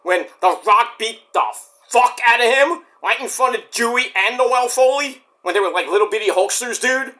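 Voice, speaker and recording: A man's voice: extremely high pitch, normal speed, few pauses, sharp tone. A man hosting a podcast, rambling casually about wrestling, swearing and acting out little scenes as he goes. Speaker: podcast host.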